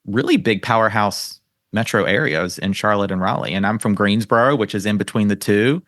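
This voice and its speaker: A man's voice: lowish voice, fairly quick, fairly bright tone, no room sound, studio quality. A man with a North Carolina Southern accent, hosting a podcast as a flirt coach in an upbeat, chatty, affirming way. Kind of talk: casual interview chat.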